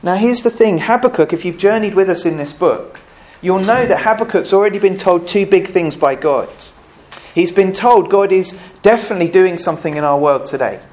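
A man's voice: high-pitched, a little mellow. A man preaching a sermon in church, conversational and earnest, often putting questions to the congregation.

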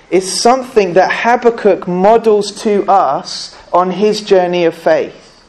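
A man's voice: sits high, sing-song, slow, a little mellow. A man preaching a sermon in church, conversational and earnest, often putting questions to the congregation.

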